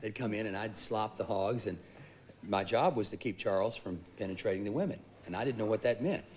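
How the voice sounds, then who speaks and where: A man, a talk show guest telling stories in an animated, laughing way. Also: on the low side, fairly quick, slight background noise. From Texas, USA. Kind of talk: talk show interview, storytelling.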